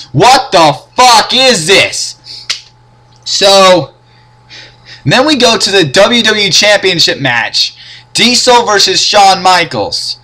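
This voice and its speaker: Young man, casual rant, sarcastic, profane, high voice, bright tone. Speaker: wrestling reviewer. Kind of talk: casual ranting review.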